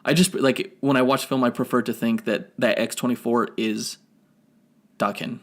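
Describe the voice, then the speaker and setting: Gravelly man rambling through a film review. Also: medium pitch, steady tone, normal speed. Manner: rambling, self-correcting, nerdy detail. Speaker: podcast co-host. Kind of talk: casual review chat.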